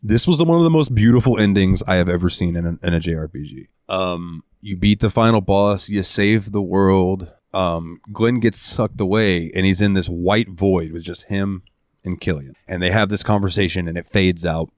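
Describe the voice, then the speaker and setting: A man hosting a casual podcast, recounting a game's ending with animated, heartfelt storytelling and some swearing. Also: deep voice, moderate pace, no echo, clean studio sound. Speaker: podcast host. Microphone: studio headset mic.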